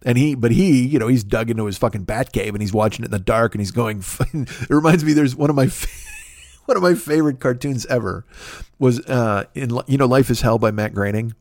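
Brisk and darkish in tone, a middle-aged man's medium-pitched voice carries a profane, rambling comedic rant on his podcast, punctuated by exasperated outbursts. The sound is clean studio quality with no echo.

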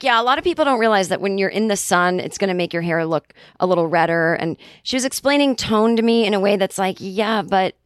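A woman in her forties tells a rambling story on her podcast. She is casual and animated, acts out both sides of a conversation and swears freely. The sound is close and completely dry. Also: fairly low pitch, dry recording. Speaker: podcast host.

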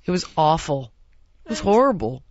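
A woman hosting a casual chat, telling a story in an animated, exasperated way and acting out what people said. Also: deep voice, moderate pace, dull audio. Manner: animated, exasperated, acts out quotes. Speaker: podcast host.

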